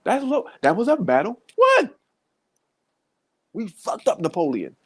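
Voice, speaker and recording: A man's voice: sits high, a little slow, slightly rough. Male podcast host, fired-up profane comedic rant. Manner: profane, heated, animated.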